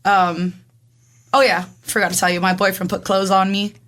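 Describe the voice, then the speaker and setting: A woman in her twenties telling her own story in casual chat, rapid and animated, acting out what everyone said with lots of "like". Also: mid-range voice. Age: 20s. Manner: rapid, animated, acts out dialogue with frequent "like". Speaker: guest.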